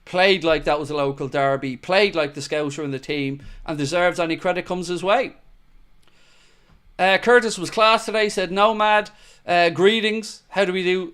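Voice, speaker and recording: A man's voice: sits high, moderate pace, a bit bright, clean tone. A young man hosting a live football fan show, reacting to the match and reading viewer comments in blunt, matey banter.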